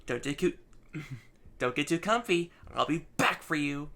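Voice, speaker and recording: A man voicing a brash, cocky young female cyborg fighter from a comic, with taunting, loud outbursts. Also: on the high side, lively intonation, measured pace, exaggerated voice.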